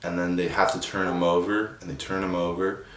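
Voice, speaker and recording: A young man telling a personal story in a subdued, emotional way, halting with many restarts and fillers. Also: sits low, level tone, a bit bright. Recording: roomy echo, distant from the mic, faint noise.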